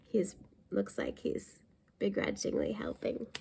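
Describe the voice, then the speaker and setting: Gravelly-voiced woman reading a picture book. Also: medium pitch, wildly swooping pitch, warm tone. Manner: pauses to explain words for young listeners. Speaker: library storytime reader.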